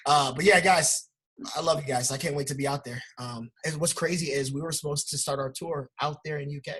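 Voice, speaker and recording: A man giving a loud, fired-up, blunt motivational talk as a guest trading teacher, laughing often. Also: on the high side, steady tone, fairly quick, breathy edge.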